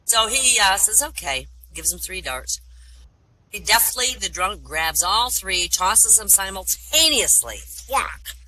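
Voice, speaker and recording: At a live voice comedy show, a woman tells jokes at an unhurried pace, though the audio quality is poor. She's animated, acting out each character with big jumps in her pitch.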